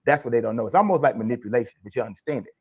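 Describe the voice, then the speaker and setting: A man's voice: medium pitch, animated, rapid-fire, slightly rough. Emphatic man coaching with tough love. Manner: emphatic, preachy, acts out tough-love lines. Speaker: guest life coach. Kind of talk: podcast interview answer. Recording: dull lo-fi sound.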